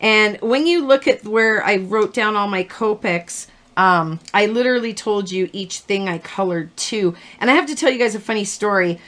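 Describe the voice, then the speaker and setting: A woman's voice: medium pitch, normal speed, few pauses, fairly bright tone. A middle-aged woman hosting a live card-making tutorial, chatty and rambling, laughing at her own stories as she works. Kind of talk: live-stream crafting tutorial.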